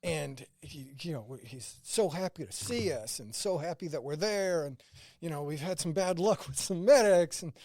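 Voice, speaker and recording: Animated man telling war stories. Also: fairly high pitch, normal speed, no echo, studio quality. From St. Louis, US. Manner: animated anecdotes, quoting others in dialogue. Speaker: veteran guest, former combat medic. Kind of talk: casual storytelling interview.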